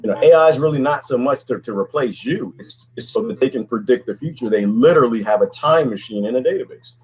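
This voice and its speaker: A middle-aged man talking casually to viewers, folksy and animated, full of rhetorical questions. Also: mid-range voice, quick pace, breathy edge, low-quality recording. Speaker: podcast host.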